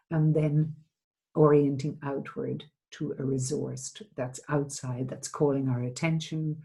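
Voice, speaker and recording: Middle-aged woman from Ireland, seminar speaker; dark, gravelly voice, gentle, thoughtful delivery. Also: low-pitched, low-quality recording. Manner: gentle, reflective, with hesitant restarts. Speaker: trauma therapist giving a seminar. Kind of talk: seminar talk, answering a question.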